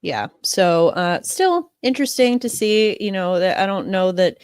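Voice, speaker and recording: A woman's voice: medium pitch, expressive, measured pace, darkish tone, clear, resonant tone, no echo, studio quality. A young woman hosting a casual sports podcast, sounding nasal from a cold and talking in a chatty way, with many fillers and restarts. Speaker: podcast host.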